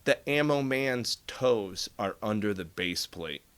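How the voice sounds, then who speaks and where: Profane, animated man. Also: lowish voice, slow pace, clean tone. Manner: profane, animated, acts out dialogue. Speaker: podcast guest telling military stories. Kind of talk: casual storytelling.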